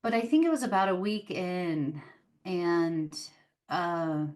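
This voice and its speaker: A woman, an author and podcast guest, telling a personal story in casual interview chat, animated and full of fillers. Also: on the low side, slow. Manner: animated, chatty, many fillers like "like" and "um".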